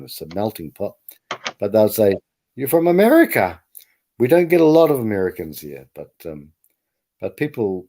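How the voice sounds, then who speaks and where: A man's voice: fairly low pitch, dark tone. A man, chatting casually in a rambling way, often repeating words. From New Zealand. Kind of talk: casual chat.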